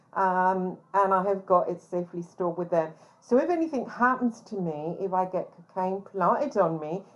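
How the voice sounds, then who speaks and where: Blunt, indignant woman, lowish voice. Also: highs cut off. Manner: indignant and blunt, swears freely, many ums. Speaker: private investigator. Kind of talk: candid spoken account.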